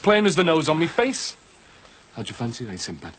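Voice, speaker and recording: A man's voice: a little high, wildly swooping pitch, brisk, background noise. A man playing a cocky, jokey mate who eagerly offers to handle the money in a TV soap drama.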